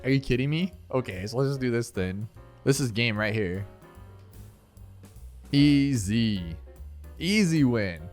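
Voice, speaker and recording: Animated man doing gameplay commentary. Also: medium pitch. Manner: animated, exasperated, talks to himself. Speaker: gaming video host.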